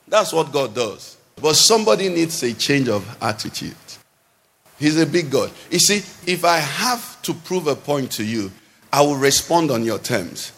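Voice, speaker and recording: Animated, high-pitched preacher in a hall. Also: male voice, a little slow, gravelly, husky. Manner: animated, sing-song preaching with sudden swings between loud and soft. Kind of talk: sermon. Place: church hall. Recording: long hall reverb.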